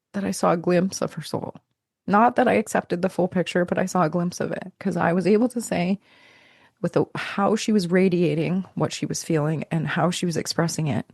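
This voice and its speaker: Gravelly-voiced woman telling a personal story. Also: fairly low pitch, a little mellow, dry recording, clean studio sound. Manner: reflective, searching, with restarts and trailing pauses. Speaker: podcast guest.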